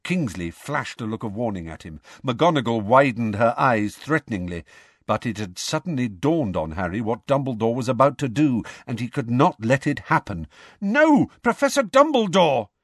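A man reading a storybook aloud in an expressive, measured way. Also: mid-range voice, no room sound, clean studio sound. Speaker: audiobook reader. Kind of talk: storybook narration.

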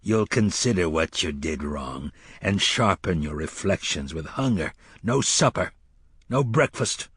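A man voicing a gruff, brutal weapons master who speaks low and slow with a flat voice and a slight drunken rasp, in an audiobook. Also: no echo, clean studio sound, heavily acted. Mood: menacing.

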